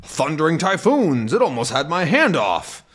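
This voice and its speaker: A man's voice: lowish voice, level tone, slow pace. A man voicing a hot-tempered, middle-aged male sea captain from a comic, reading the lines in a blustering, theatrical way.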